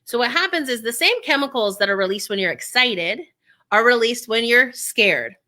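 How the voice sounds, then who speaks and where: A woman speaking coach as an interview guest, energetic and acting out inner voices as she explains. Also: on the high side, moderate pace.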